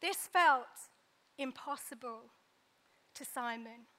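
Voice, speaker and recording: Woman, very high voice, sermon, dramatic pauses. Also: sharp tone. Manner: dramatic pauses, acts out quoted dialogue. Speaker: preacher.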